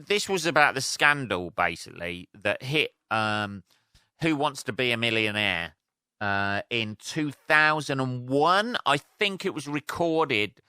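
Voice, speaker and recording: A man's voice: medium pitch, pushed and bright, clean tone, no room sound, clean studio sound. A young man hosting a solo podcast, rambling and swearing as he tells jokey stories. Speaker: podcast host. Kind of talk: casual solo podcast rant.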